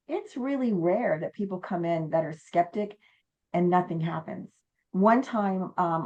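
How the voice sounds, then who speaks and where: Lower-pitched woman guest, lively storyteller, slightly dull lo-fi sound. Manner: animated storyteller, acts out quotes. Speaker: haunted inn owner and guest. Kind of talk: casual storytelling interview.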